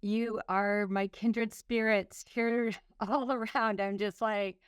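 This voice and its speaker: A woman's voice: mid-range voice, steady tone, takes it slowly, clear, resonant tone, no echo, clean studio sound. A middle-aged woman from Canada, a former nurse speaking as a guest author, talking in an effusive, heartfelt way with frequent restarts. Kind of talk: emotional personal talk.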